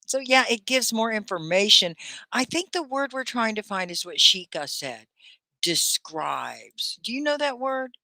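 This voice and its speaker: A woman's voice: a little high, lively intonation, moderate pace, sharp tone, dry recording. A woman hosting a live online English lesson, greeting viewers by name and asking them question after question. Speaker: ESL teacher hosting a live stream.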